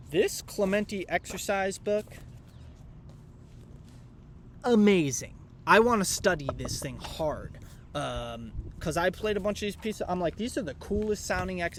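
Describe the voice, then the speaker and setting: Young male vlogger, slightly high, loose rambling delivery, faint outdoor noise. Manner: rambling, loose and irreverent, lots of fillers. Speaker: vlogger reviewing piano books. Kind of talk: casual rambling vlog.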